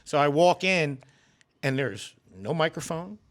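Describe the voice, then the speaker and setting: A guest comedian on a podcast tells stories in an animated way, swearing freely and acting out the voices of the people in them. His voice is fairly high and his pace unhurried.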